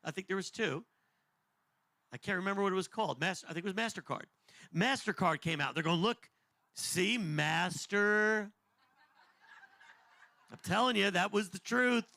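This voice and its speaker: A man in his fifties giving a conversational, animated end-times Bible teaching as a podcast host, jokey and digressive. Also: sits high, fairly quick, no echo. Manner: animated, jokey, digressive, acts out voices in quotes.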